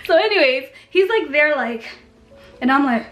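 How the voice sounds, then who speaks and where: A young woman from Kenya telling a story in a casual, animated, slangy and self-mocking way. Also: high-pitched, moderate pace. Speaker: vlogger. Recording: echoey room with faint music.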